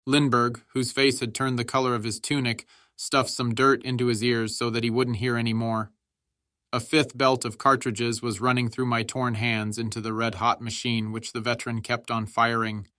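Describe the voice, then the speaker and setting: A man narrating an audiobook in a measured, steady reading style. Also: medium pitch, no echo, clean studio sound.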